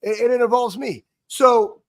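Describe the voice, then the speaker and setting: A man co-hosting a sports talk show, telling a rambling, animated story about his playing days with many restarts. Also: very high voice, moderate pace. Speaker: co-host, former football player.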